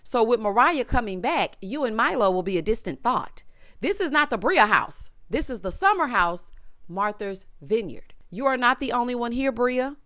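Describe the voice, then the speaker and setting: A woman giving a sassy, casual recap of a reality show, speaking right to her audience. Her voice sits a bit high and sounds smooth and clear. The sound is dry, with no room echo. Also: lively intonation, normal speed, a bit bright. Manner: sassy, talks straight to viewers.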